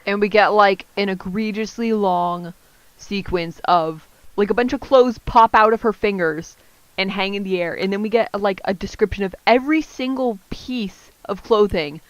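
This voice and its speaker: A young adult woman co-hosting a podcast, commenting on a novel in a wry, deadpan way. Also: mid-range voice, moderate pace, no echo, low-quality recording. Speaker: podcast co-host. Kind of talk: casual chat, reading aloud.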